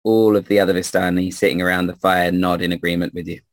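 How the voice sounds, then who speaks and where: A man's voice: low-pitched, flat delivery, fast. A man narrating a tabletop game as game master, in an offhand, laughing manner.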